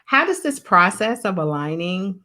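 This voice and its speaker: A woman hosts a relaxed interview and chats in a conversational way. She listens closely and often voices agreement. Her voice sits at an ordinary middle pitch. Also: normal speed. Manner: conversational, attentive, affirming. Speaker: podcast host. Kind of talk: casual interview chat.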